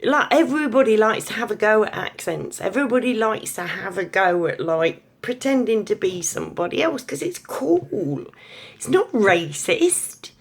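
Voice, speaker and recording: A woman's voice: mid-range voice, expressive, moderate pace, husky. An English woman in a blunt, sweary, chatty opinion rant to camera. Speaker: vlogger.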